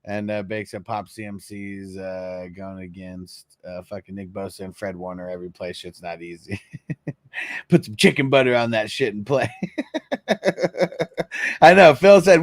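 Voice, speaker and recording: A man's voice: lowish voice, unhurried, no echo. Profane laughing man, dry mic. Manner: profane, laughing, swings between animated and mumbling. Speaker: fantasy football podcast host. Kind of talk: casual live-stream chat reading viewer comments.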